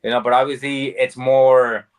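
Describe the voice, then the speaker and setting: A man's voice: mid-range voice, flat delivery, normal speed, clean tone. A man who is a guest on a casual podcast, talking in a laid-back, profane, rambling way. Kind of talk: casual chat.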